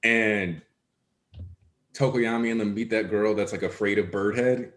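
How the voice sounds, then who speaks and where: A man's voice: fairly low pitch, fairly even intonation, unhurried, a bit bright. A man co-hosting a casual discussion, explaining his points at length in an analytical way. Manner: analytical, talks in long explanations. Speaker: co-host. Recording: echoey room.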